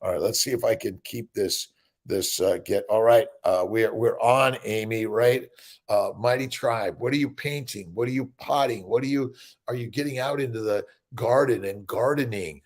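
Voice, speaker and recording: A man's voice: fairly low pitch, normal speed. An older man hosting a casual morning livestream, rambling and upbeat as he greets viewers by name, with many fillers and "right?"s. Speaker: livestream host.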